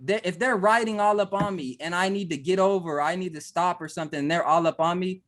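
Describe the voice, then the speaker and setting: A man with a slightly high voice hosts a casual podcast. He argues his side insistently and circles back over the same point. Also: fast talker, fairly bright tone. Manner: insistent, repeats himself while arguing. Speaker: podcast host.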